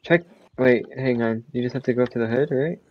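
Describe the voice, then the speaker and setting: A man's voice: medium pitch, fairly quick, slight background noise. A man on voice chat in a zombie game, goofy and easygoing, narrating what his character does. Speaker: gamer. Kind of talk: casual gaming chat. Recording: dull lo-fi mic.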